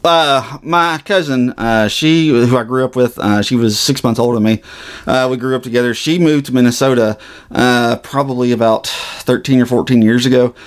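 A man talks through a TV episode on his podcast. He rambles along with a middling voice, stopping to restart his thoughts and filling the gaps with "uh" and "like.". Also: mid-range voice. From Southern US. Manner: rambling, halting with many fillers. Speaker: podcast co-host. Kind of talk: casual TV recap chat.

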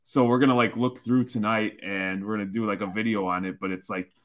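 A man with a fairly low voice talks in a loose, rambling way as a podcast co-host. He restarts his sentences often and sounds keen on his hobby. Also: steady tone, a little fast, fairly bright tone. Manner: rambling, with many fillers and restarts, enthusiastic. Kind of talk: casual chat.

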